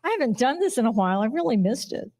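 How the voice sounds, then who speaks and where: A woman's voice: on the high side, big pitch swings, fast, a little mellow. Chatty woman presenting awards. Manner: chatty, giggly, apologetic over name slips. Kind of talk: reading award announcements at a live ceremony. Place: live awards banquet.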